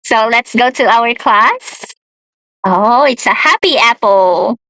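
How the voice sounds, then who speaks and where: A young woman teaching a beginner English lesson to a child, repeating words slowly and laughing often. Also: fairly high pitch, animated, bright, forceful tone, no echo, highs cut off.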